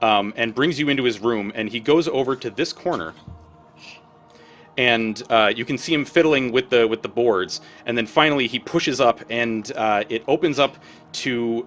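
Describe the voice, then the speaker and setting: A man narrating a tabletop game as game master, casual and halting with many fillers. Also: medium pitch, fairly bright tone.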